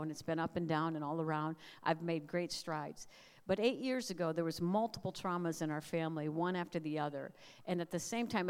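Middle-aged woman preaching, lowish voice, earnest and measured, big echoey hall. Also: clean tone. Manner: earnest, prayerful, measured cadence with emphatic repeated lists. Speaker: speaker at a family camp, radio host. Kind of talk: sermon with personal testimony. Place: large hall. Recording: long hall reverb.

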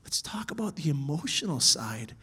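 A man teaching church workers about children's ministry, animated, swinging from loud emphasis to soft whispers. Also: on the high side, normal speed, breathy edge.

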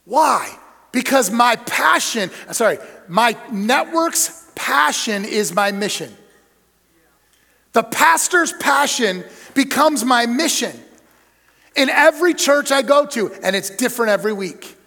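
Emphatic high-voiced male preacher, echoing hall. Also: lively intonation, slow, vocal fry, sharp tone. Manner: emphatic preacher, punchy lists, acted-out anecdotes. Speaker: superintendent speaking to church leaders. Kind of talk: sermon-style leadership talk. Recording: long hall reverb.

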